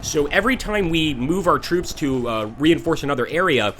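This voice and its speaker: A man's voice: fairly high pitch, expressive, moderate pace, fairly bright tone, slight background noise. A young American man hosting a casual game commentary, chatty and full of fillers as he reads chat and calls the action. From United States. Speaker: gaming channel host. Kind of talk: casual let's-play commentary.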